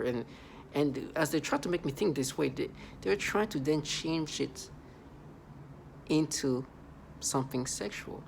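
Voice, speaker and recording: Gravelly man rambling in agitation. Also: a little high, unhurried, pauses often, a little hiss or hum. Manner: agitated, repetitive, many restarts; laughs in disbelief. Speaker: vlogger. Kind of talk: rambling monologue.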